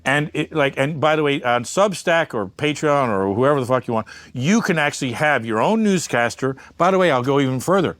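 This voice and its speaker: A man's voice: mid-range voice, lively intonation, fairly quick, few pauses, a bit bright, no room sound. A man giving a candid interview, talking bluntly and emphatically, swearing freely and wandering into asides. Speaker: media entrepreneur and interview guest.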